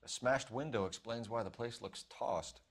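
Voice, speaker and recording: An actor playing a polite, formal young police detective in a video game. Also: male voice, mid-range voice, moderate pace, husky.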